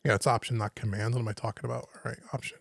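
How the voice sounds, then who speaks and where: A man's voice: mid-range voice, level tone, very fast, vocal fry, fairly bright tone, dry recording, clean studio sound. A man teaching home recording on a live stream, thinking aloud as he works and puzzling over what he sees on screen. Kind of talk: live-stream software walkthrough. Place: home studio.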